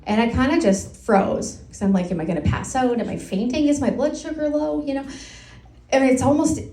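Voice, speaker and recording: A middle-aged woman tells tour-guide stories to a live audience, laughing at herself as she goes. Her voice sits a little high. The sound is roomy and echoey, as in a brewery hall. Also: a little fast. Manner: animated, self-mocking, laughs through her stories. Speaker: lighthouse tour guide and volunteer. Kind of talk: live storytelling talk to a pub audience. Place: brewery event room.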